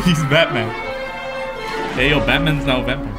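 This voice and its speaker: A man hosting a casual meme reaction video, excitable and playful, laughing often. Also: medium pitch, moderate pace, pauses often. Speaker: host reacting to memes. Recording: music under voice.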